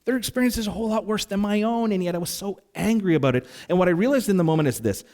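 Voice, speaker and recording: Animated man preaching a story-driven sermon. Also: sits high, very fast. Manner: animated storyteller, acts out exasperated sighs and asides. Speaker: pastor.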